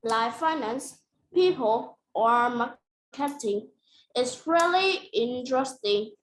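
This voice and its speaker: A woman student reads her answer in an online English class, slowly and with care. Her voice sits high, and the call picks up an echoey room with faint background noise. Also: expressive.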